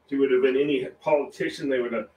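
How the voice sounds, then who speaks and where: A man's voice: medium pitch, steady tone, very fast, a little mellow, distant mic. Rambling, chuckling man, a little off-mic in a roomy space. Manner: rambling and chuckling, with many restarts. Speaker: livestream painting host. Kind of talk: casual chat while painting. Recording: roomy echo, voice a little off-mic, faint room noise.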